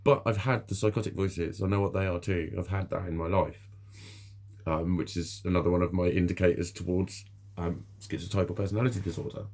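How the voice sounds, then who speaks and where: A man's voice: sits low, steady tone, fairly quick, darkish tone. A middle-aged man, talking candidly to camera in a rambling, sweary way, laughing often. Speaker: vlogger. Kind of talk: candid personal monologue.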